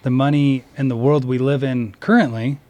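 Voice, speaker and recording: A male podcast host talking in loose, rambling casual chat. He leans on fillers as he works his way through a thought, at a mid-range pitch. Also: fairly even intonation, normal speed, darkish tone.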